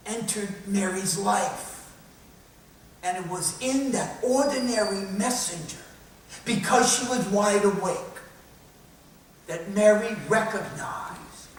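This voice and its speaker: A priest with a Southern US accent and a high, somewhat bright voice delivers a sermon as folksy storytelling, acting out quotes. He's recorded in a large, echoey church and sounds far from the microphone.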